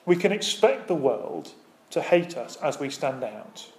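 A man's voice: medium pitch, big pitch swings, unhurried. A man preaching a sermon as pastor, speaking with emphatic, rising and falling intensity and asking the congregation rhetorical questions.

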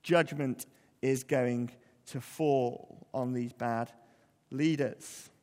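A man's voice: medium pitch, steady tone, extremely slow, a little mellow, big-room sound. A man preaching a sermon in a conversational, earnest way, often putting questions to the congregation.

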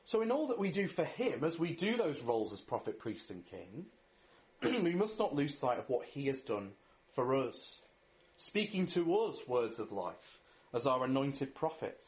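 Male preacher, slightly high voice, very animated, earnest sermon delivery. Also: a little slow. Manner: earnest, asks rhetorical questions. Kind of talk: sermon with scripture reading and prayer.

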